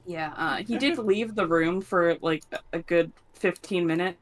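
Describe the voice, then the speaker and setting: Chatty woman player, low voice. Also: normal speed. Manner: chatty, rambling anecdote, laughs a lot. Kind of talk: casual chat at a tabletop game.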